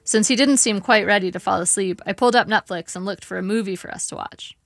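Female memoir narrator, measured and wry, with gravelly fry. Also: mid-range voice. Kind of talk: memoir audiobook reading. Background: faint guitar music.

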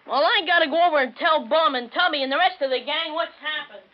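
A cheeky, sulky boy, voiced by a woman, talks back in a high, brash voice full of slang. The old radio recording is dull and muffled. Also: fast talker, natural voice. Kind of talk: 1940s radio acting.

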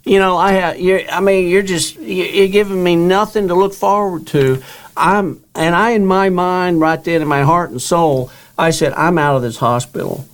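A man's voice: high-pitched, normal speed. An older man, a guest author, telling his own story in an interview and acting out the dialogue he quotes.

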